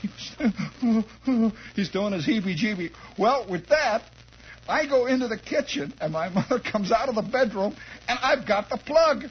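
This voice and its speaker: A male radio host telling a rambling comic childhood story in an animated, chuckling, conversational way, on a dull lo-fi 1960s radio recording. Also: sits high, normal speed, slightly rough.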